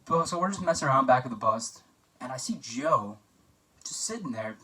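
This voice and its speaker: A man's voice: medium pitch, animated, normal speed, sharp tone, recorded from a distance, low-quality recording. A young man giving a casual, joking best-man toast for a class assignment, telling anecdotes with plenty of fillers.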